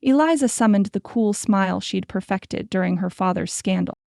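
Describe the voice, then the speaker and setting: Gravelly, warm woman narrating an audiobook. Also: mid-range voice, normal speed, hardly any pauses, dry recording, studio quality. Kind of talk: scripted narration.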